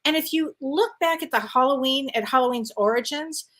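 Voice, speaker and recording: A middle-aged woman co-hosting a casual live online show, chatty and quick to laugh. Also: high voice, a bit bright. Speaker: co-host. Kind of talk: casual live-stream chat.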